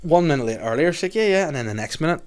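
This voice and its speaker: A Northern Irish man hosting a podcast, telling stories in animated, sweary casual chat. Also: medium pitch, racing. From Northern Ireland. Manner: animated storytelling, heavy swearing. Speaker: podcast host.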